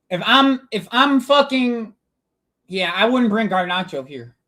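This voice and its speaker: A man with a high voice runs a live football watch-along from a home desk mic. He swears freely, addresses his viewers as boys and bro, and reacts loudly to every play. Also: lively intonation, a little slow. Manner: swears a lot, shouts at the referee, calls viewers boys and bro.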